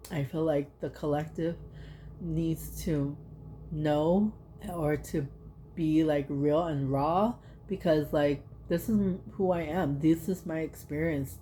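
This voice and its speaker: Woman in her 30s doing a card reading, low mellow voice, rambly and heartfelt. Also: a little hiss or hum. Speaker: tarot and oracle card reader. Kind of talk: casual spoken card reading.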